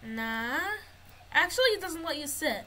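A woman's voice: high voice, lively intonation, a little slow, sharp tone, a little hiss or hum, poor audio. A woman giving casual gameplay commentary, narrating what she finds as she explores. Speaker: gamer.

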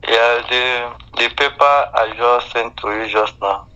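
A man's voice: mid-range voice, fairly even intonation, unhurried, sharp tone, clear, resonant tone. Pleading man on a muffled phone line. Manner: pleading, keeps asking her to hold on. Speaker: scam caller.

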